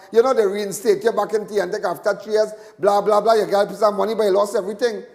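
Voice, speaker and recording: High-voiced Trinidadian man ranting live. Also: fast talker, vocal fry, few pauses, long reverb tail. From Trinidad and Tobago. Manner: animated, repetitive, laughs often. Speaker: talk show host. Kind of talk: rambling live commentary.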